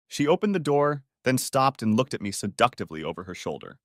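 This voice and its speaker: A man's voice: fairly low pitch, sing-song, fast talker, few pauses, dry recording, studio quality. A man narrating a first-person story audiobook in a wry, conversational way.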